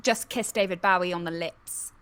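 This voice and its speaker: A woman's voice: fairly low pitch, steady tone, moderate pace, fairly bright tone, clear, resonant tone. A woman co-hosting a live stream, reading out prompts in a giggly, enthusiastic way. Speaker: co-host giving prompts. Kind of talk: casual livestream chat.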